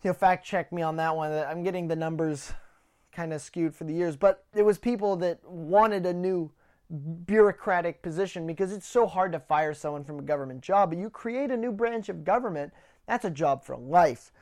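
A woman's voice: lowish voice, normal speed, darkish tone. A woman hosting a podcast, delivering heated political commentary full of swearing and stumbling, repeated words. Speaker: podcast host.

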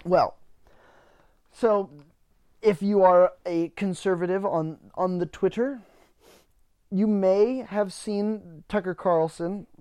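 A man's voice: high voice, takes it slowly, long pauses, dark tone, smooth. A man hosting a podcast, ranting in a casual monologue, swearing freely and often repeating words as he starts sentences. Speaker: podcast host.

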